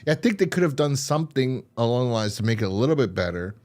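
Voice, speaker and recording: Animated man retelling a TV episode. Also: mid-range voice, fast. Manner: animated storytelling, laughing and mimicking characters. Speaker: podcast co-host reviewing a TV episode. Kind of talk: casual chat.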